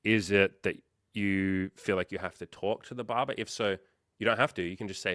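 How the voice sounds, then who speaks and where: A man's voice: low voice, fairly even intonation, brisk, a bit bright, dry recording, studio quality. A man hosting a coaching livestream, talking casually and candidly with plenty of swearing and rambling fillers as he reads chat and tells stories. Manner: candid, profane, rambling storyteller with lots of fillers.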